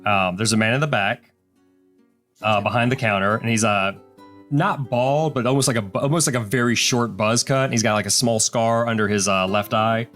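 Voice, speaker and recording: GM, man, mid-pitched, relaxed narration, faint music behind. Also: moderate pace. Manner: casual, loose scene description. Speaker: game master. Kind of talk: narrating a tabletop game.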